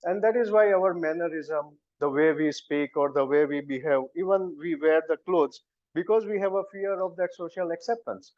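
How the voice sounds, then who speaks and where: A man's voice: a little high, moderate pace, dry recording. A man in his fifties with an Indian English accent, giving a prepared, humorous speech at a club meeting with wry storytelling. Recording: muffled, dry lo-fi recording.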